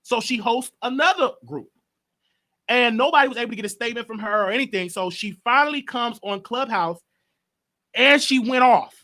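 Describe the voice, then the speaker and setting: Bright-voiced man recapping online drama. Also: very high-pitched, moderate pace. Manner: rambling storytelling, repeats himself; reports overheard talk to viewers. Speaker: gossip show host. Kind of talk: casual gossip commentary.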